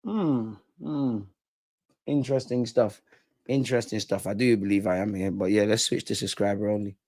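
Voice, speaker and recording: A man's voice: on the low side, moderate pace, darkish tone, no echo, clean studio sound. A young man hosting a live football reaction stream, bantering, mocking rival fans and reading chat aloud. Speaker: football fan channel host.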